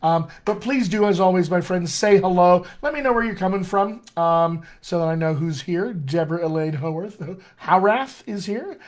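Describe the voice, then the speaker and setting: A man's voice: high voice, moderate pace, hardly any pauses. An American man, a dialect coach, teaching casually on a live stream, chatting with viewers and using many fillers. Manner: chatty and filler-heavy, greets viewers by name.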